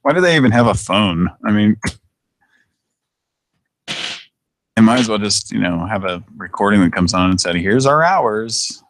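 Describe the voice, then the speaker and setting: A man hosting a show in casual chat, relaxed, laughing easily and trailing off. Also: lowish voice, normal speed, long pauses, dry recording. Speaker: show host.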